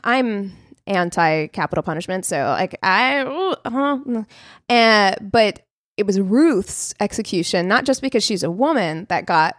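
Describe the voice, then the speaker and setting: A woman's voice: mid-range voice, animated, a little slow, no room sound. A woman in the middle of her range tells a true crime tale to her co-hosts, laughing between lines and swearing freely. The sound is dry and close, with no room around her. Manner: laughs often, swears, slips into mocking voices. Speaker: podcast co-host telling a true crime story. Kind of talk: casual storytelling chat.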